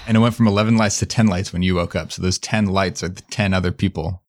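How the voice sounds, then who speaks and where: A man's voice: low voice, fairly even intonation, fast talker, no echo. A man playing a tabletop game, chatting in a playful, upbeat way. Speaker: player. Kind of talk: casual tabletop game play.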